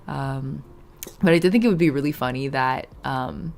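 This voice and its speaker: Hoarse, creaky-voiced woman streamer. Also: rumbling low, moderate pace, a little mellow, a little hiss or hum. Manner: rambling, laughs often, talks to chat. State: hoarse, half lost voice. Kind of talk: casual live-stream chat.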